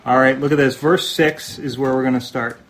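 A man's voice: mid-range voice, steady tone, moderate pace, fairly bright tone, slight background noise. A man preaching a sermon in an earnest, conversational way, often asking his listeners rhetorical questions. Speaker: pastor.

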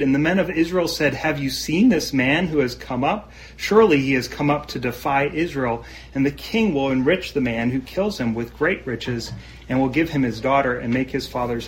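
A man in the middle of a sermon, his voice sitting at an ordinary mid pitch. He reads scripture aloud and then explains it in an earnest, conversational way. He keeps checking in with his listeners, asking whether they see what he means. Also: rough recording. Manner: earnest, conversational, often asks the listeners questions. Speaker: preacher.

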